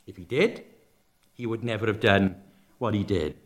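A man preaching a sermon, expressive, swinging from loud emphatic exclamations to soft, drawn-out near-whispers and acting out the characters' lines. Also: lowish voice. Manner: acts out the characters' quoted lines in the parable.

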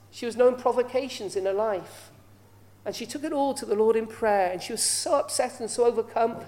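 A woman's voice: a little high, mellow. A woman preaching a sermon, often asking her listeners rhetorical questions.

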